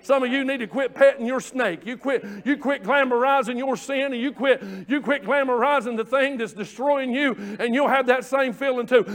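Male preacher, very high voice, fervent delivery that builds to shouts, calls out to his congregation. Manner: fervent, rising to shouts, call-and-response. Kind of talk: sermon.

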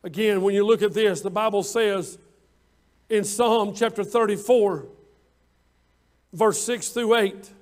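A high-voiced man preaching a sermon. He leans hard on his words, slowing down and swelling in volume whenever he quotes scripture. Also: fairly even intonation. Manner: preaching with drawn-out emphatic lines, rising louder on scripture quotes. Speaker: pastor.

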